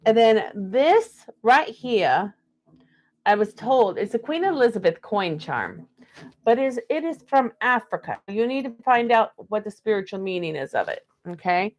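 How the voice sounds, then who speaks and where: A young woman reads cards for viewers on a live stream in a put-on Southern belle drawl. She calls each of them darling. Her voice sits a little high. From US Pacific Northwest. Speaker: live card reader. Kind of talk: live-stream psychic reading.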